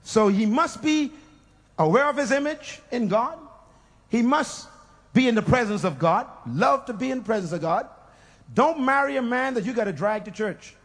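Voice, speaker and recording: A man preaching a fiery sermon, shouting, laughing and leading call-and-response. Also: very high-pitched, expressive, normal speed.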